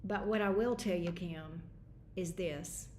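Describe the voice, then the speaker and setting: A woman's voice: on the low side, unhurried, echoey room, a little hiss or hum. Frank, chatty woman tarot reader. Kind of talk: livestream tarot reading.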